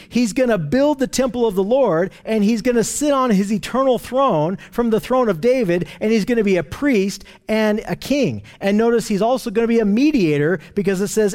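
A man preaching a sermon in an earnest teaching tone, slowing down to stress scripture. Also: high-pitched, a little mellow.

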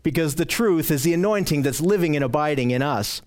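A man with a notably high-pitched voice delivers an expository sermon. He reads scripture aloud, then breaks it down patiently, leaning on repetition to drive his points home. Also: animated, a little fast, a little mellow. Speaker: pastor teaching a Bible study. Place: church with slides on a screen.

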